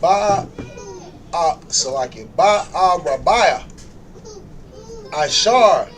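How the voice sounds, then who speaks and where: Hesitant man sounding out words slowly. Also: fairly high pitch, expressive. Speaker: student reading aloud. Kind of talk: halting read-aloud practice.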